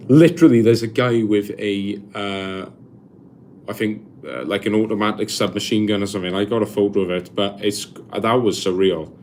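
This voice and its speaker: A man's voice: on the low side, steady tone, moderate pace, a little mellow, a little hiss or hum. Chatty young Welsh man on a live stream. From Wales. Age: 20s. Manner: rambling, chatty, many restarts and fillers; reads viewer comments aloud and answers them. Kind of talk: casual live-stream chat.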